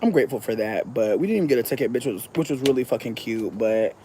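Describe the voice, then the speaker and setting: A woman streamer chatting casually with her viewers, swearing freely and laughing loudly. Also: rumbling low, fast, a little hiss or hum. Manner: profane, animated, laughs loudly. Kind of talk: casual chat.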